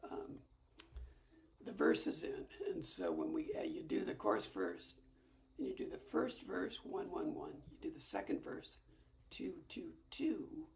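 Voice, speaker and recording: A woman leading a casual ukulele lesson, explaining chords in a soft, half-whispered way. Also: sits low, very animated, a little slow, vocal fry. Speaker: ukulele teacher. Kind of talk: casual music lesson with singing.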